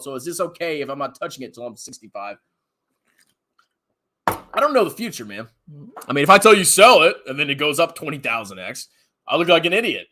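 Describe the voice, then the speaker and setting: A man's voice: high voice, bright, forceful tone. A man ranting as a finance commentator on a livestream, mocking and laughing often while answering chat questions.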